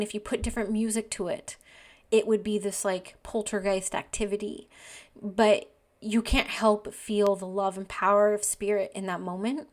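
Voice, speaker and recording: A woman's voice: medium pitch, darkish tone. A woman hosting her own podcast, telling personal stories in an earnest, emotional, chatty way. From Canada. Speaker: podcast host and medium teacher. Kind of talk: casual storytelling podcast.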